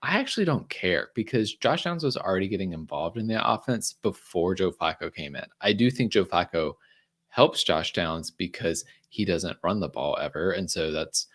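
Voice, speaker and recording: Man, deep voice, casual podcast chat, dry asides. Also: animated, moderate pace. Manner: chatty, frequent ums and restarts, dry sarcasm. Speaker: fantasy football analyst.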